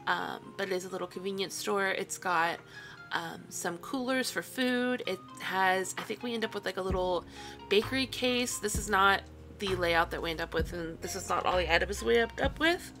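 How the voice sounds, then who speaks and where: A woman's voice: mid-range voice, normal speed, a bit bright, faint music behind. A woman talking through a long, rambling voiceover in a chatty way, with many ums, who keeps yawning and apologising. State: yawning, tired. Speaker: video creator. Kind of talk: casual voiceover narration.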